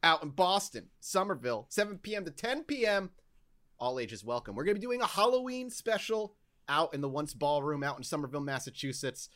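Man, podcast host; animated, expressive pitch; casual, jokey announcer energy. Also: brisk. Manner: animated, plugging events between jokes. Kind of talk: casual comedic chat.

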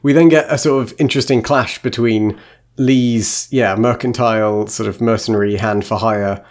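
A man's voice: on the low side, fairly even intonation, moderate pace. A man co-hosting a casual book discussion podcast, chatty and sweary with lots of fillers and tangents. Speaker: podcast co-host.

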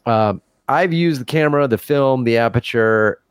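A man's voice: medium pitch, normal speed, clear, resonant tone, no echo. A man co-hosting a casual podcast, reading a listener's email aloud with stumbles and self-deprecating laughs. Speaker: podcast co-host.

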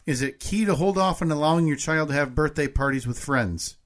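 A man's voice: on the high side, a little fast. A man co-hosting a podcast in casual chat, reading out poll results and laughing easily. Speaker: podcast co-host.

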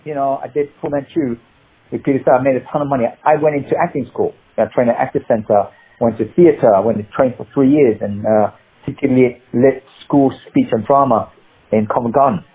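A man with a Cockney accent, an actor guest telling rambling, animated stories with many restarts. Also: medium pitch, fairly quick, breathy edge. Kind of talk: casual interview storytelling. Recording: tinny phone-like line.

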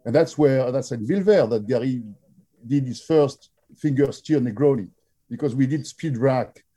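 A man with a French accent telling stories in an interview, often pausing with fillers and restarting his sentences. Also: medium pitch, mellow. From France. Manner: halting, many fillers and restarts. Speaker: drinks brand founder. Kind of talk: interview storytelling.

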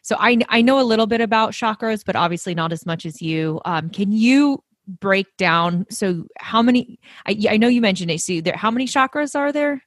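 A woman's voice: mid-range voice, expressive, normal speed, few pauses, no room sound, clean studio sound. A woman hosting a podcast interview, encouraging her guest and stopping to check that she understood. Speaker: podcast host. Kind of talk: casual interview talk.

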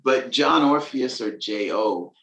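A man with a lilt, a musician and author, chatting casually in an interview with relaxed slang. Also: mid-range voice, slow pace, creaky, echoey room. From Venezuela. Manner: relaxed, laid-back slang, laughs between thoughts.

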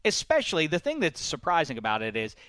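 Bright, animated sports-talk host. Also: male voice, fast talker, smooth, no echo. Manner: animated, pointed questioning, jumps in pitch when pressing a point. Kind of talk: sports radio debate.

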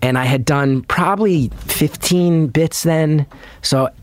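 A man's voice: a little high, takes it slowly. A man guesting on a podcast, telling a story in a casual, rambling, self-deprecating way.

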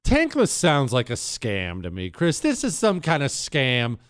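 A man's voice: medium pitch, wildly swooping pitch, unhurried, clean tone, no echo. A man hosting a talk show, ranting sarcastically in a casual monologue into a studio microphone. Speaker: radio talk show host.

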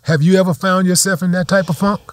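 Guy telling club stories, kinda high voice, cusses a lot, dry sound. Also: steady tone, quick pace, dry recording. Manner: blunt, profane storytelling. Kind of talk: casual chat.

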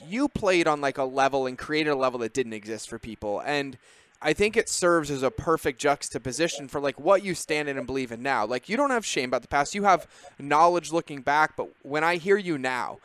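A man hosting a podcast speaks earnestly and fills his sentences with "like." His voice is smooth and a little high. The recording is dry and close. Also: a bit bright, no echo. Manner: earnest, filler-heavy reflection. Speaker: podcast host. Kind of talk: casual interview chat.

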